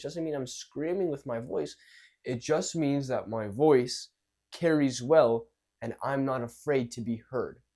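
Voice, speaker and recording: A young man talks through social confidence tips in a loose, conversational way. He is animated, acting out nervous and calm versions of the same lines, and swears now and then. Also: mid-range voice, husky. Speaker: social skills coach. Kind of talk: casual coaching talk to camera.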